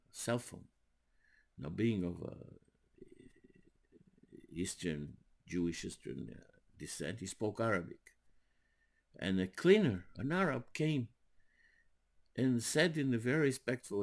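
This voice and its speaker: Older rabbi guy preaching thru stories, gravelly, voice jumps up and down a lot. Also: fairly low pitch. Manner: animated, rising emphasis. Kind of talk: storytelling sermon.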